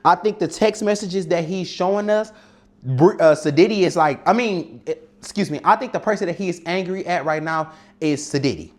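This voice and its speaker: In his home kitchen, a man from Detroit hosts a casual cooking show, talking bluntly, swearing a lot, and muttering to himself at the stove. His voice sits high with a darkish tone, and he speaks at a normal speed.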